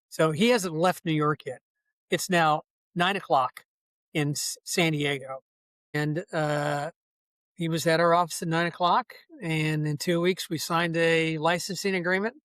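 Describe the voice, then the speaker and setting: A man's voice: on the high side, fairly even intonation, a little slow, fairly bright tone, no echo. An older man, a podcast guest, telling long casual anecdotes full of asides. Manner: rambling, folksy anecdotes with many asides. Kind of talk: casual storytelling.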